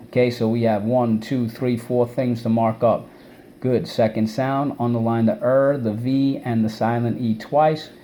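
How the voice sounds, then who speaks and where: A male teacher runs a spelling lesson at a mid pitch, defining each word and then drilling it aloud in call-and-response, splitting it into syllables. A faint noise sits under the recording. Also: dark tone.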